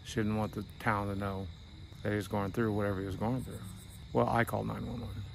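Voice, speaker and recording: A man's voice: on the low side, level tone, fairly quick, creaky, background noise. A middle-aged man vlogging a tour of his hometown, telling candid stories in a wry, conversational way. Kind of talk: casual storytelling. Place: outdoors at night.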